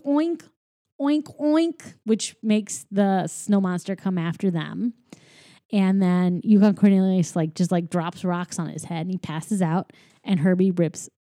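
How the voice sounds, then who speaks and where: A woman with a dark, mellow tone rambles through a casual recap. She is sarcastic and loose, full of fillers, and recorded dry and close. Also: lowish voice, no echo. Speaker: podcast co-host. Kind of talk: casual chat recapping a movie.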